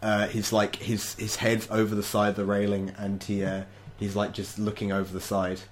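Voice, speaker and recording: A young man narrating as game master, halting with many fillers and laughing often. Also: on the low side, monotone, slight background noise.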